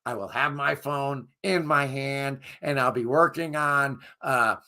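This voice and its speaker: Hoarse gravelly-voiced man chatting casually. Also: medium pitch, a little slow, sharp tone. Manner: rambling, enthusiastic, self-deprecating. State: hoarse, losing his voice. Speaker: music review channel host. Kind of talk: casual live chat with viewers.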